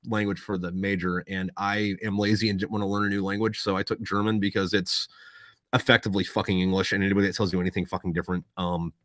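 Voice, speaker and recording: A man talking as a podcast guest in casual chat, swearing often and rambling through animated stories. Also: low-pitched, fast talker, no echo, clean studio sound. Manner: profane, rambling, animated storyteller.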